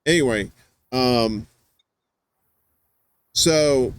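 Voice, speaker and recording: A man's voice: medium pitch, extremely slow, clear, resonant tone, no room sound. A man hosting a show, chatting casually in a rambling, teasing way with lots of fillers and restarts. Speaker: podcast host. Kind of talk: casual chat.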